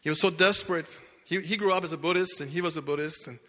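A man's voice: on the high side, fast, pushed and bright. A man preaching a sermon, telling a story dramatically with emphatic restarts. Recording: echoey hall reverb.

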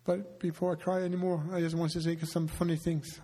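Pastor guy talking to his church, emotional and halting, kinda flat tone, big echoey hall. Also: fairly high pitch, a little hiss or hum. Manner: halting, emotional, with light humor. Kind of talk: heartfelt address to congregation. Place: church sanctuary. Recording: long reverb of a large hall.

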